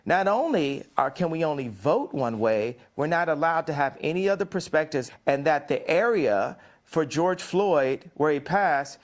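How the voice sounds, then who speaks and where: An American man argues hard in an interview, his voice sitting a little high. He pushes back when cut off and repeats phrases to hold the floor. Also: animated, unhurried, few pauses. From United States. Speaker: interview guest. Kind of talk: heated interview debate.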